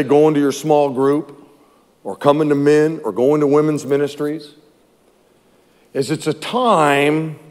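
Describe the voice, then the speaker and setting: A man preaching a sermon as pastor, telling stories with lively, repetitive phrasing, recorded in a reverberant church hall. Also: on the high side. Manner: animated storytelling with repeated phrases.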